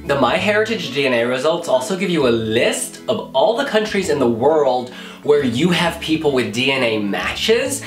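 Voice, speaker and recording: An American man chats in a bouncy voice with big swings in pitch, gushing and exclaiming as he reacts. The sound is roomy and echoey, with faint music underneath. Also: moderate pace. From United States. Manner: animated and exclamatory, calls the viewer honey. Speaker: Eurovision blogger. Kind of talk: casual vlog reaction.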